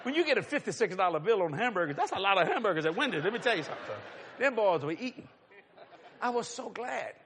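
Man, preacher, sermon storytelling, high voice, very animated pitch. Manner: animated, laughing storyteller with sudden hushed drops.

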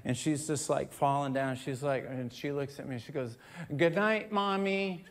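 A male pastor giving a sermon, moving from a family story into loud, emphatic preaching with scripture reading. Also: medium pitch, level tone, moderate pace, a little hiss or hum.

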